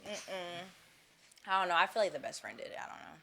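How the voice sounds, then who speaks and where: A woman's voice: on the low side, animated, fairly quick, creaky, bright, forceful tone. A woman co-hosting a casual podcast, giving her opinions in loose, filler-heavy talk. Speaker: podcast co-host. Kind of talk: casual group podcast chat.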